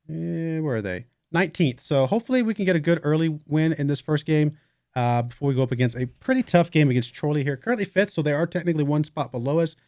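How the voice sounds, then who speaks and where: Relaxed man rambling over a game. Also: on the high side, dry recording, clean studio sound. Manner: relaxed, rambling, yawning, thinking aloud with fillers. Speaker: let's play host. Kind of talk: casual gameplay commentary.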